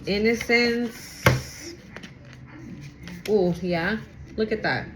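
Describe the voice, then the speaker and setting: A woman's voice: mid-range voice, extremely slow, background noise. A woman giving a casual tarot reading to camera, chatty and blunt, swearing freely and talking aloud to spirit as she goes. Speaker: tarot reader.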